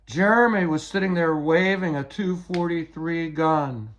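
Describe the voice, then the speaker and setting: Slow-talking older man, agitated. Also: a little high, a bit bright. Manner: rambling, repeats words, agitated retelling. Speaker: person giving a statement. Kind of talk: personal account.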